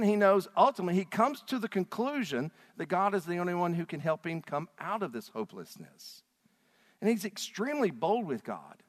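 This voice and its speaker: A male pastor preaching a sermon with passion, swinging between loud and hushed delivery. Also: sits high. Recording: long hall reverb.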